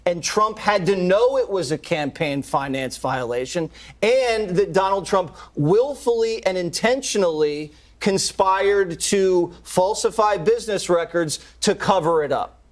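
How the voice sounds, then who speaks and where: A man's voice: sits high, expressive, a little slow. A man speaking as a pundit on a TV panel, chatty and recounting events. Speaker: news pundit. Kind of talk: conversational TV panel talk.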